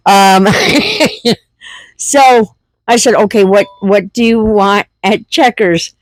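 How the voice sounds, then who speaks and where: A woman's voice: medium pitch, expressive, slow pace, no echo. A middle-aged woman telling a funny story in a casual vlog, laughing through it and repeating herself. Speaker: homestead vlogger.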